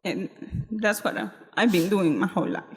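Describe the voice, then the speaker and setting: A woman giving public comment at a school board meeting, halting and emotional, apologizing as she speaks. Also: medium pitch. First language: not English. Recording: reverberant hall.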